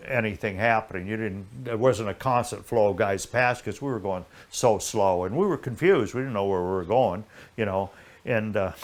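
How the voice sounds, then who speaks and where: An older man, a guest in an interview, telling a long anecdote in a lively, rambling way with many restarts. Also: on the low side. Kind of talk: casual anecdotal storytelling.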